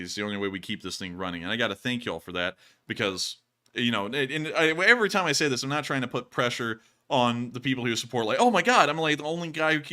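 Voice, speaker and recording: A man hosting a casual livestream, reading thanks to supporters and cracking jokes that turn loud and high. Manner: joking, goes loud and high in bits. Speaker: livestream host.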